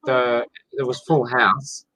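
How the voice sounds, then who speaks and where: A man's voice: medium pitch, little pitch movement, takes it slowly, bright, forceful tone, low-quality recording. Male playwright, casual storyteller, enthusiastic, mid voice. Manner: enthusiastic storyteller, rambling with restarts. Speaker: playwright and theatre maker. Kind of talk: casual chat.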